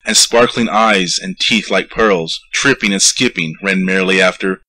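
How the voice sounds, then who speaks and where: A man reciting a narrative poem with a rhythmic, lively storytelling delivery. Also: sits low, normal speed, poor audio. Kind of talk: poetry recitation.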